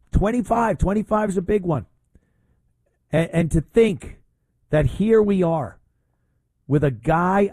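A man hosting talk radio in a studio, blunt and indignant as he rambles through his opinions with plenty of fillers. His voice sits a bit high but sounds mellow and dark, and the sound is close and dry. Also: dry recording.

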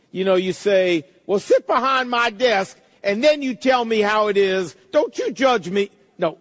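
A middle-aged man preaching a sermon, emphatic, slowing down to quote verses. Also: high voice, in a large hall. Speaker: pastor.

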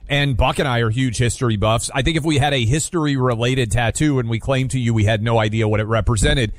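A man hosts a call-in radio show in a mid-range voice. He questions callers in a lively, teasing way. His studio sound is dry and close. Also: mid-range voice, quick pace, no echo. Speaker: radio talk show host. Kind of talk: talk radio chat with callers.

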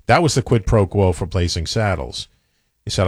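A man's voice: sits low, expressive, moderate pace, dry recording, clean studio sound. A man co-hosting a casual chat, opinionated and rambling, often stammering and restarting.

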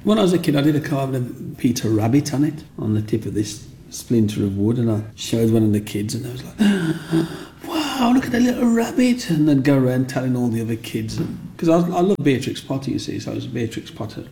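Older guy telling his life story, keeps repeating bits, mellow gravelly tone. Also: medium pitch, fast talker, a little hiss or hum. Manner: animated, repeats himself, acts out quoted voices. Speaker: interviewee. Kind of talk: storytelling in an interview.

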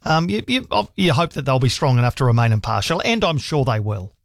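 A man's voice: medium pitch, very animated, brisk, dry recording. A man with a New Zealand accent hosting a talkback radio show, chatty and full of restarts, speaking on a studio mic. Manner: chatty, hesitant restarts, mate-style banter. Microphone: studio microphone.

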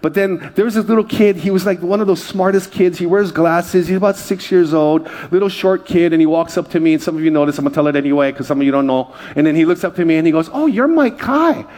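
A middle-aged male pastor from Hawaii, preaching a lively sermon full of jokes and calls to the congregation. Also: fairly high pitch, fast, few pauses. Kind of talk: sermon with humorous stories.

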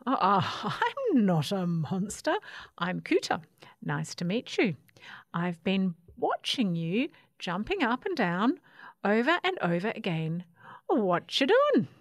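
A woman's voice: medium pitch, very animated, takes it slowly, no room sound, full character voice. An eager, clumsy coot bird stammers and chatters in a storybook, voiced by a woman reading aloud. His tone is bubbly and rises and falls a lot. The sound is dry. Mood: startled. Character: friendly clumsy male coot bird, cheerful buddy.

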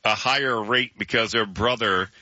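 A man co-hosting a sports radio show, excitable and teasing, often cutting in. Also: on the low side, dry recording, lo-fi sound. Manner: excitable and teasing, quick interruptions. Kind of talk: casual sports radio chat. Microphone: studio mic.

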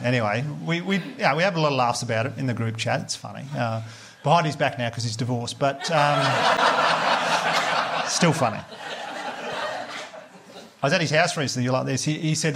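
A man doing stand-up comedy, telling sweary, animated stories and slipping into voices for the people in them. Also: mid-range voice, fast, a little hiss or hum. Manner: animated, sweary storytelling with put-on quoted voices.

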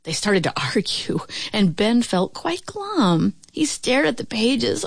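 A woman reading a rhyming picture book aloud in an expressive, playful way. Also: fairly high pitch, slow pace, gravelly, husky, dry recording. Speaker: storyteller.

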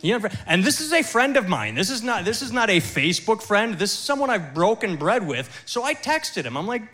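A male comic telling a story in a relaxed, conversational way. His voice is high and bright, and it moves a lot. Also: fairly quick, hardly any pauses. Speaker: stand-up comedian. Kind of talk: stand-up comedy.

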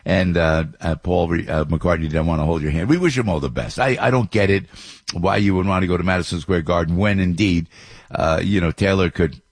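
Gravelly low-voiced talk radio host. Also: male voice, a little fast, no echo, clean studio sound. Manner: rambling, opinionated, many fillers and restarts. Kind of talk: talk radio news commentary.

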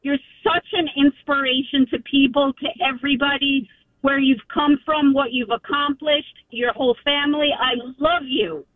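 A woman's voice: high voice, normal speed, no room sound. Gushing woman caller on a tinny phone line. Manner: gushing, excited, breathless praise. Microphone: telephone.

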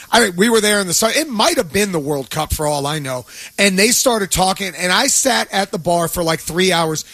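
Upbeat, high-voiced sports radio host. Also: male voice, fairly bright tone, no echo. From Atlanta. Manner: upbeat, chatty.

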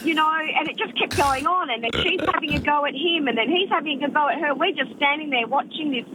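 A woman calling in by phone, telling a story in a rambling, animated way full of "you know"s. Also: sits high, fast talker, noisy background. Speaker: caller. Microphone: phone line.

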